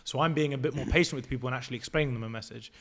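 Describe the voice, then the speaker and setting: A young man in his early twenties talking as a podcast guest, at a middle pitch for a man. He is assertive and breaks his points down step by step, and he swears freely. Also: rapid-fire, fairly bright tone. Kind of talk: casual podcast interview.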